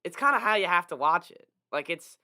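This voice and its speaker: A man co-hosting a podcast, chatting casually and nitpicking a movie with quick asides. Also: sits high, very animated, pushed and bright. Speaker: podcast co-host. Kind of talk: casual movie review chat.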